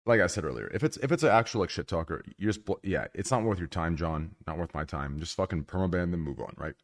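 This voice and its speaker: Deep-voiced excitable young man. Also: quick pace. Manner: loud and excitable, swears freely. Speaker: podcast host. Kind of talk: casual chat.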